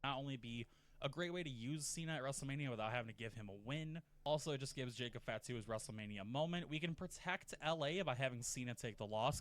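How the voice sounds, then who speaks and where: A man narrating in a casual, profane, animated way, often slipping into mock quotes. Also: mid-range voice. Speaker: narrator of a wrestling rebooking video. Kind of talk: casual scripted commentary.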